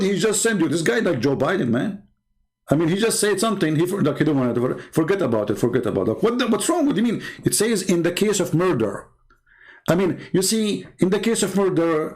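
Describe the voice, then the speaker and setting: A Middle Eastern man, Arabic his first language, speaks as a Christian apologist in combative, sarcastic polemic that keeps hammering the same points. His voice is high with a darkish tone.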